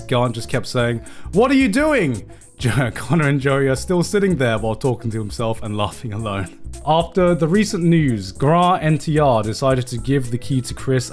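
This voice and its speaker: A man streaming live, reacting to fan-made edits in a casual, incredulous way, swearing and laughing often. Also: mid-range voice.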